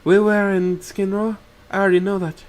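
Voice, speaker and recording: A man's voice: high voice, flat delivery, normal speed, pitched above the performer's own voice, natural voice. A man reading a story aloud on stream, voicing a chirpy, caring young woman who drives. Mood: cheery. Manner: bright, fussing, concerned.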